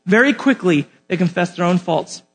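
A young man teaching a Bible lesson from an outline, animated and often asking the audience questions. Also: high voice, moderate pace, husky, faint music behind.

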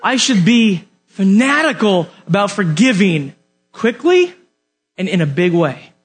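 High-voiced husky male preacher. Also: big pitch swings, unhurried, soft background music. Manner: casual, joking, talks straight to the room. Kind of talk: sermon.

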